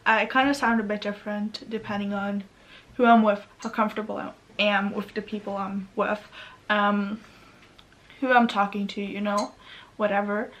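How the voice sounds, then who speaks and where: A woman's voice: mid-range voice, level tone, moderate pace, a bit bright. A young Norwegian woman with a Norwegian accent, rambling nervously in a casual vlog at home, often correcting herself. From Norway. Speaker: vlogger. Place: at home near her computer.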